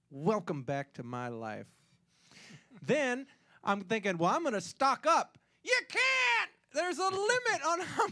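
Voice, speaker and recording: Lounge host, male, high unhurried voice, showman joking into a stage mic, faint guitar behind. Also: bright, forceful tone. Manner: showman joking, swooping pitch on punchlines. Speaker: show host and singer. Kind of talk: comic showroom patter.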